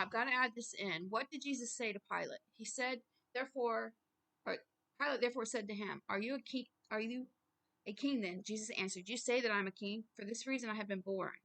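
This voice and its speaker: A woman giving an informal Bible reading and sermon, earnest and growing loud and emphatic as she preaches. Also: fairly high pitch, brisk. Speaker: self-styled preacher.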